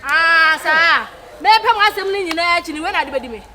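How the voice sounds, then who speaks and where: A woman, playing a jealous wife who shouts at another woman in broken English. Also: extremely high pitch, expressive, unhurried, heavily acted. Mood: shouting. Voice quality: loud, scolding, broken English. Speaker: comic actor. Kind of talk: skit acting. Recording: noisy background.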